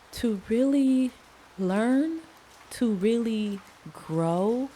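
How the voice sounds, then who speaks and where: A woman hosts her own podcast alone and talks through her thoughts in an earnest, easygoing way. She pauses often to reach for words and drops into casual slang now and then. Her voice sits at an ordinary middle pitch for a woman. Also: mellow, a little hiss or hum. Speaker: podcast host. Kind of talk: reflective solo podcast monologue.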